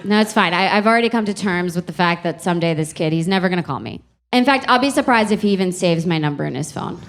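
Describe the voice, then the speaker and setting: A woman's voice: on the low side, lively intonation, fast talker. A young woman doing a stand-up comedy set, telling stories in a chatty, exasperated way with playful emphasis, on a club stage mic.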